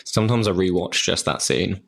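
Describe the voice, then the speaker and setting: Deep-voiced man, gushing podcast co-host. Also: expressive, brisk, gravelly. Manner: emotional, gushing, sighs. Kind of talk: casual podcast chat.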